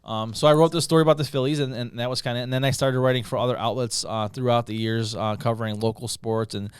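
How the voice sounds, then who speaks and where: A man's voice: mid-range voice, steady tone, fast, smooth, no room sound, clean studio sound. A middle-aged man from Utica, New York, telling a story as a guest author, rambling with fillers and restarts. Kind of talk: casual podcast chat.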